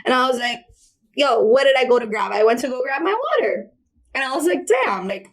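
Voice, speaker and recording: A woman's voice: a little high, moderate pace. A woman vlogging in a casual, candid way, telling personal stories with slang and filler words as she rambles on. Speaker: self-help vlogger.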